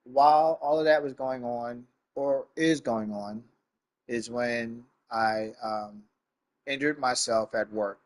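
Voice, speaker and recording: Male streamer, mid-pitched, heartfelt and choked up, stuffy-nosed, talking straight to viewers. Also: slow. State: stuffy nose, near tears. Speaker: sim racing streamer. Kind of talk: live stream talk to chat.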